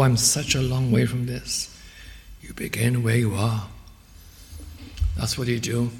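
A male preacher delivers an earnest, measured sermon, urging his congregation on. His voice has a gravelly edge, and the words ring out with a long church reverb behind them. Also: mid-range voice, a little mellow. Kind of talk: evening sermon and closing prayer.

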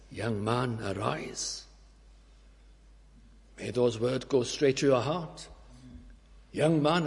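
A man preaching with slow, deliberate pacing and a husky edge to his voice. He swells to ringing cries and drops back to hushed, intimate tones. His words ring out with a long reverb, as if spoken in a large church. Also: a little high. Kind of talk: sermon ending in prayer.

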